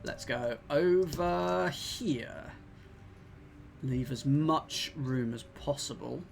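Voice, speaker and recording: A man's voice: mid-range voice, drawn-out words, gravelly. A man hosting a casual let's-play, talking himself through each puzzle move in a muttering way. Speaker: game host. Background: background game music.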